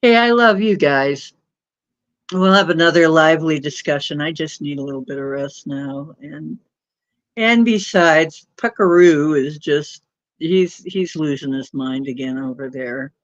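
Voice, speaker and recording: A woman's voice: low-pitched, unhurried, no room sound. A woman hosting a casual late-night livestream, rambling, mocking and laughing often. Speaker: livestream host. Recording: dull lo-fi stream audio.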